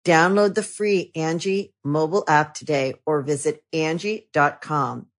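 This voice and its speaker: A woman's voice: low voice, unhurried. A woman enthusiastically reading a host-read advertisement. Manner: upbeat, enthusiastic. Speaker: ad reader.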